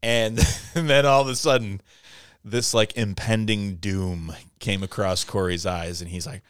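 A man's voice: on the low side, moderate pace, smooth, dry recording, clean studio sound. A man co-hosting a podcast, telling a story in a casual chat, acting out quotes with pained yelps and laughing often. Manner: animated, acts out quotes with loud pained yelps. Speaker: podcast co-host.

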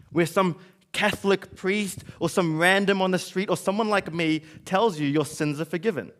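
Man preaching in a conversational way. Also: high-pitched. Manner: conversational preaching with acted-out quotes. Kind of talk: sermon.

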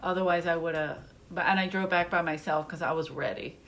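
A woman's voice: lowish voice, fairly quick, slight background noise. A woman from Philadelphia, a comedian guest, telling stories in casual podcast chat and acting out the voices of the people in them. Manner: animated storyteller, acts out family voices.

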